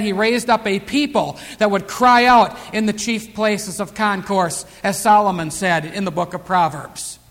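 A man preaching a sermon, moving from emphatic declarations to hushed, quiet storytelling. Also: high voice. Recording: long hall reverb.

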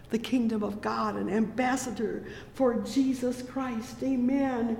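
A preacher talks through a sermon at an unhurried pace, reading verses in old scripture wording. The delivery stays level, with little rise and fall. The voice rings out in a roomy hall with a long echo. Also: medium pitch, fairly even intonation, vocal fry. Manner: punctuates with "oh, yes" and "praise the Lord"; reads scripture in King James wording.

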